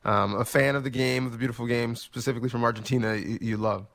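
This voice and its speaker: A man's voice: mid-range voice, fairly even intonation, creaky, fairly bright tone, no echo. A podcast co-host chats casually, stopping and restarting as he hunts for the right words. His voice sits close and dry on the mic. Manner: halting, searching for words. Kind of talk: casual chat.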